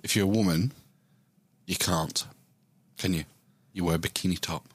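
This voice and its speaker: A man's voice: low voice, moderate pace, slightly rough. A man hosting a podcast, reading out news stories and bantering playfully. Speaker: podcast host.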